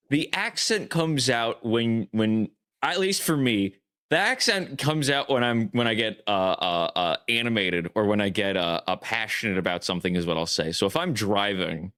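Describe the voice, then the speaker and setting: A man's voice: medium pitch, animated, normal speed, fairly bright tone. A man from New York with a New York accent, co-hosting a podcast, easygoing in casual chat and reading out viewer comments. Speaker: podcast co-host.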